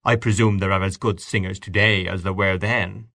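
A man's voice: low-pitched, steady tone, normal speed, fairly bright tone, no room sound, studio quality. A man voicing a polite young tenor. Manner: polite, careless.

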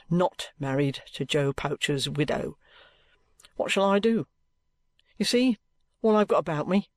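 A man's voice: a little high, no echo, studio quality, close to an everyday voice. A man reading an audiobook, voicing a penitent old trooper who speaks in a subdued, apologetic way. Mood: rueful. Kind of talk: audiobook character voice.

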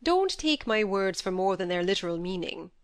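A woman reading a calm, dry country doctor. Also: medium pitch, clear, resonant tone, dry recording, natural voice. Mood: measured. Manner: measured, matter-of-fact.

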